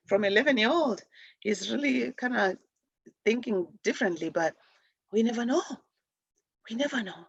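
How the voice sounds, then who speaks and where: A woman's voice: a little high, animated, moderate pace, creaky, pauses often, husky, no room sound, highs cut off. A woman from Zimbabwe hosting a spiritual talk show, speaking earnestly and rambling with many restarts. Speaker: host.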